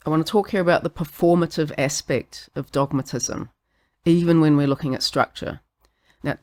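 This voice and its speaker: Sardonic New Zealand podcast host. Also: medium pitch. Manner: sardonic, swearing, laughs at own jokes. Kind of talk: scripted philosophy monologue.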